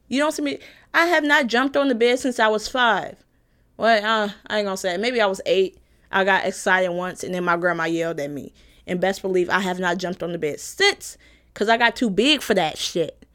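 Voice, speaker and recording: A woman's voice: mid-range voice, moderate pace, a bit bright. A young adult woman giving an opinion rant as a vlogger, emphatic and repetitive, swearing freely and laughing mid-sentence.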